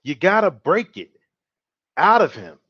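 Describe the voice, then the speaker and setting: A man with a drawl hosts his own opinion show, talking to his listeners in a loose, swaggering way. His voice sits a little high for a man. The recording is dry and dull, like a cheap home mic. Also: very animated, measured pace, bright, forceful tone, breathy edge, dry recording. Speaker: podcast host. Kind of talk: casual opinion talk.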